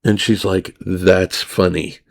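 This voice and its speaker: A man's voice: low voice, fairly even intonation, slow pace, gravelly. A man hosting a podcast, telling a crude story in a rambling, blunt way and acting out both sides of it. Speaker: podcast host.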